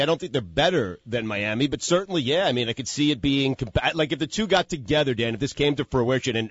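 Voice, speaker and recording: A man's voice: medium pitch, dull audio. A man co-hosting a sports talk radio show in a laid-back, agreeable way. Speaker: co-host.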